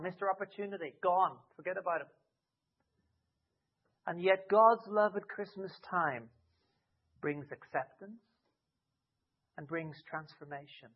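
Male preacher, sermon, high-pitched, dramatic swells and hushed drops, phone-like lo-fi sound. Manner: expressive, with dramatic rises and soft drops.

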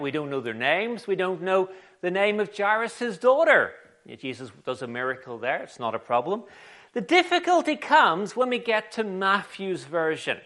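A man preaching a sermon in an animated, conversational storytelling way. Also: sits high.

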